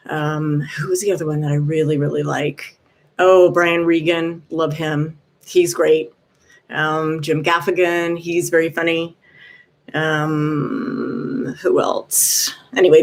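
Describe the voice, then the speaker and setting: A woman vlogger giving gentle, encouraging advice in casual talk, often pausing with "um". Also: low-pitched.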